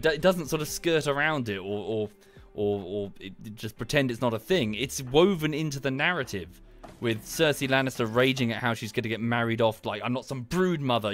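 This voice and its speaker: A man streaming a game, rambling in a casual chat that turns into heated ranting with sudden high outbursts. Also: fairly bright tone. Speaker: gaming streamer.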